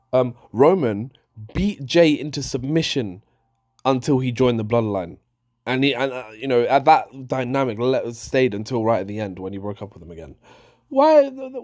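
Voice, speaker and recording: Exasperated man ranting. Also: mid-range voice. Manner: animated and exasperated, with frequent restarts. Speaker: wrestling show reviewer. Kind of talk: casual ranting review.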